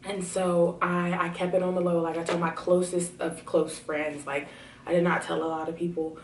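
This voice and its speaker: A young woman telling a personal story to her camera at home, chatty with many fillers and excitement. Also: on the low side, normal speed, slight background noise. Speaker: vlogger. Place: home room. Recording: roomy, slightly distant camera audio.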